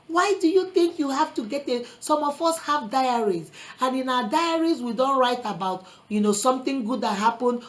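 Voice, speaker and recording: A woman's voice: high voice, expressive, normal speed, few pauses, rough recording. A woman vlogger giving earnest relationship advice in a preachy motivational talk, quoting scripture and calling listeners sister and brother. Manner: quotes scripture.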